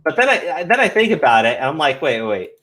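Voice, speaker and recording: A man's voice: on the high side, sing-song, quick pace, a bit bright. A man ranting casually as host of a commentary stream, profane and scornful, often repeating himself.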